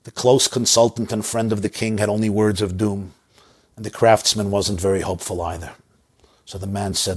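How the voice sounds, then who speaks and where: A man preaching a sermon, unfolding a parable in a measured, dramatic way. His voice is low and very husky, and he often drops to a quiet, intense delivery. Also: little pitch movement. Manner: measured, dramatic, dropping to soft emphasis. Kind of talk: sermon storytelling.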